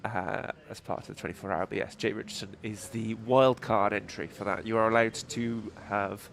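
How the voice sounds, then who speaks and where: Nasal, gravelly commentator. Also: male voice, on the low side, level tone, normal speed, fairly bright tone. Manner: dry, joking asides. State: congested from allergies. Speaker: race commentator. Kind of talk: live motorsport commentary. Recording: faint ambient noise.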